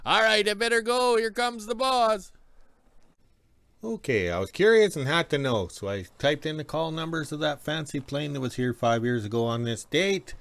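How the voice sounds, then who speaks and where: A man's voice: a little high, fairly bright tone, no room sound. A man telling a story in a casual vlog, chatty and stopping often for an emphatic "yes". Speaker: vlogger.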